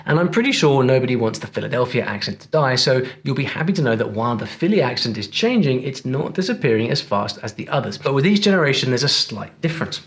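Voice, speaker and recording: A man's voice: mid-range voice, very animated, quick pace, hardly any pauses. A man narrating a scripted video in a playful, teasing way, talking straight to the viewer.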